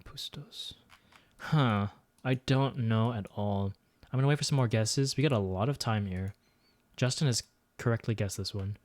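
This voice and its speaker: A man's voice: on the low side, normal speed, a little mellow, dry recording. Man muttering guesses over a game. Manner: thinks aloud, mutters guesses, self-deprecating. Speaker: streamer playing a geography guessing game. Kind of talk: casual gameplay commentary.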